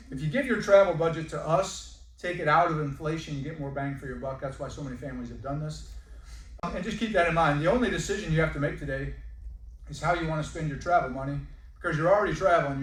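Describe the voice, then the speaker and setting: Man, live sales pitch, folksy and joking, slightly high voice, roomy distant sound. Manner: folksy, joking, uses y'all. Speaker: timeshare sales presenter. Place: presentation room. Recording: echoey room, mic at a distance.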